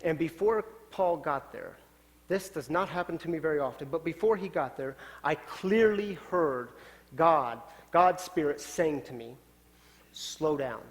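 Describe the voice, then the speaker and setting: Guy preaching a story sermon, kinda high voice, drops to near whispers, big echoey church hall. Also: lively intonation, a little slow. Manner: dramatic shifts from loud to hushed. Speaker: pastor. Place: church sanctuary. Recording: long church hall reverb.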